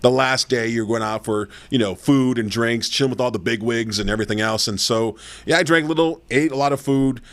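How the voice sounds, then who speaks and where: A man's voice: mid-range voice, brisk, few pauses, a bit bright. Rambling, profane man telling stories. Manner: rambling, profane, full of fillers and "you know". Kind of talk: casual storytelling chat.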